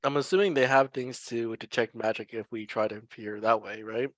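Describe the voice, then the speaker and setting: A man's voice: medium pitch, fairly even intonation, a little fast, a bit bright. A man player chatting casually at a tabletop game, joking and asking questions.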